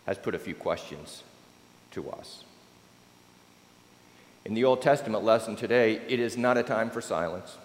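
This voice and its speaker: Male pastor, expressive sermon delivery, mid-pitched voice, roomy church sound. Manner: expressive preaching, swelling and dropping to near-whispers.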